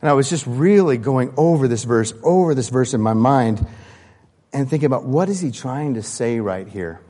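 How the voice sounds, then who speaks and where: A man preaching a sermon in a church, animated and acting out the voices of the people he quotes. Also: mid-range voice, moderate pace. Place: church sanctuary. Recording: long church-hall reverb.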